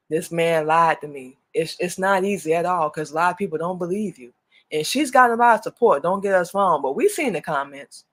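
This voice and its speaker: A woman hosting a radio talk show, speaking earnestly in a casual monologue and repeating herself as she makes her point. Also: lowish voice.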